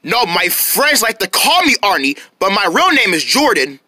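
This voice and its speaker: A woman's voice: mid-range voice, big pitch swings, normal speed, pushed and bright, no room sound, studio quality, voice pushed down. A woman voicing a small, flustered teenage elephant in a homemade cartoon who keeps insisting on its name. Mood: cheerful. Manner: repeats itself, exasperated over its name.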